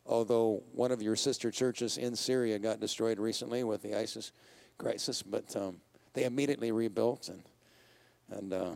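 A man's voice: fairly low pitch, steady tone, moderate pace, creaky, darkish tone. A man, preaching a sermon as pastor in a conversational style, putting questions to the congregation and laughing often.

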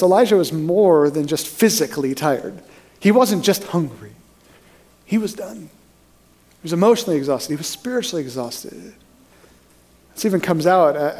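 A young adult man preaching a sermon as pastor, telling stories and acting out the voices he quotes. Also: a little mellow. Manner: storytelling, acts out quoted voices with rising pitch.

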